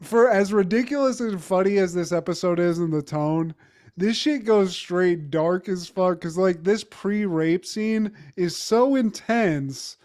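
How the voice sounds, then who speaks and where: Animated, laughing male podcast co-host. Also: high-pitched, a little slow. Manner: animated, laughing, profane storytelling. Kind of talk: casual chat recapping a TV episode.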